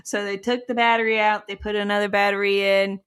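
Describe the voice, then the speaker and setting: A young woman co-hosting a comedic sports podcast, animated, laughing often and swearing casually. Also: medium pitch, brisk, clean tone. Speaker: podcast co-host.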